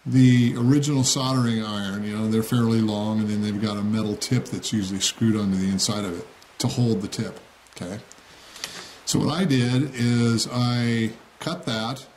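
A man at a middle pitch explains a hobby project step by step in a relaxed tutorial manner. He keeps things plain-spoken and often pauses to ask "okay?". A faint hiss of noise sits under the recording. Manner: plain-spoken, frequent "okay?" check-ins. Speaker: model railroad hobbyist demonstrating. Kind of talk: casual how-to tutorial.

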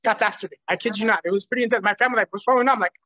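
This man's voice sits high and races along in a dry recording. Sharing his personal testimony at church, he's an animated storyteller who laughs frequently and performs the voices when quoting people.

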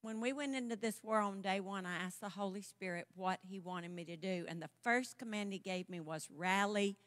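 A woman's voice: medium pitch, brisk. A woman with a Southern accent, a guest minister eagerly interjecting in a shared testimony. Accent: American Southern. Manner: eager, interjecting, animated storytelling. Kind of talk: sermon testimony to a congregation. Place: church sanctuary. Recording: long church hall reverb.

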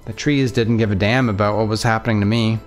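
Low-voiced man reading a story aloud. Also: steady tone, fast talker, faint music behind. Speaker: let's play narrator. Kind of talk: reading a visual novel aloud.

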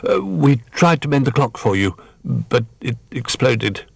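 A man putting on a small young toy bear from a storybook, eager and excitable, bouncing up high from one phrase to the next. The voice is a little husky and sits close and dry. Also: measured pace, no room sound, heavily acted. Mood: sheepish. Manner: excitable, anxious to help.

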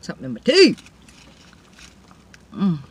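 A woman's voice: lowish voice, wildly swooping pitch, a little slow, husky. A woman hosting a casual eating show, chatting with her viewers between mouthfuls and calling them y'all. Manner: eats and chews between remarks. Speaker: mukbang vlogger.

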